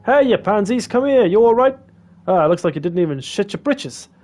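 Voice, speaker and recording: A man voicing a coarse, blustering male guard captain who talks loudly and crudely. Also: fairly high pitch, expressive, a little fast, soft background music, close to an everyday voice. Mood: mocking. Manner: loud, crude and scornful.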